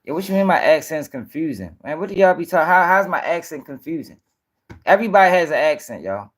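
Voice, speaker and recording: A fairly high-pitched man hosts a livestream commentary, ranting bluntly with plenty of cursing. He talks straight to his viewers and argues back at chat comments. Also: animated, fast. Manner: addresses viewers directly. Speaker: commentary show host.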